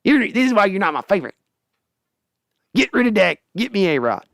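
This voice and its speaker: A man's voice: sits high, very animated, fairly quick, gravelly, fairly bright tone, dry recording, clean studio sound, pitched above the performer's own voice, heavily acted. A man imitating a blustering older team owner, brash and dismissive. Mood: bossy.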